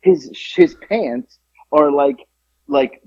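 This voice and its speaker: A man's voice: a little high, extremely slow, a little mellow, no room sound. A middle-aged man co-hosting a podcast, telling a funny story in casual chat, swearing and laughing often. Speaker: podcast co-host. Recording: dry, dull lo-fi sound.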